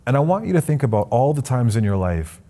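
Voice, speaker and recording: A man's voice: mid-range voice, very animated, fast, mellow. A young man from Canada, a spoken word poet, giving a motivational address and reciting poetry with rhythmic sweeping rises and falls.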